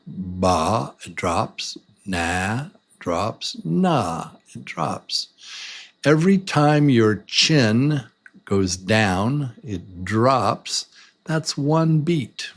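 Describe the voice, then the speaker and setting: A man teaching a beginner English lesson, speaking slowly and deliberately and repeating words beat by beat. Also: medium pitch, lively intonation. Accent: American. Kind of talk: slow, patient beginner lesson.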